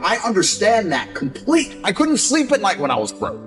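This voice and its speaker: Guy in his 30s, swearing and lecturing, pitch jumping all over, quiet music behind. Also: wildly swooping pitch, fairly quick, few pauses. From England. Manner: blunt, profane, lecturing; mocks others by acting out their excuses. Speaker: motivational speaker. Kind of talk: motivational speech. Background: faint background music.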